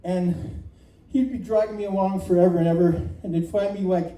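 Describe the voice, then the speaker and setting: A man telling a comic true story at a live storytelling night, animated and self-mocking, often laughing as he talks. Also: high-pitched, a little fast. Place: community center room. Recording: echoey room from far off, faint noise.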